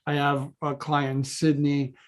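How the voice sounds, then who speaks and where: Male guest, behavior specialist, animated storyteller, mid-range voice, video call interview. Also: a little high, unhurried. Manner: animated, many restarts, quotes others in his own voice.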